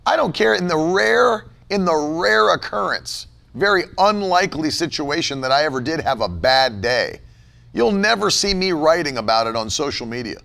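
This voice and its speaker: A man's voice: on the high side, animated, moderate pace, gravelly, pushed and bright. A man preaching a sermon in an emphatic way, often chuckling and mimicking everyday phrases.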